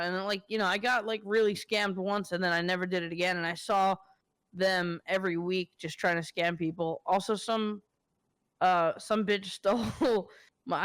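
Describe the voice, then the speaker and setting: A man's voice: sits high, a bit bright, clear, resonant tone, no echo. A young man from the New York area hosting a podcast, telling stories in a loose, profane way full of fillers. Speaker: podcast host. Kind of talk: casual podcast chat.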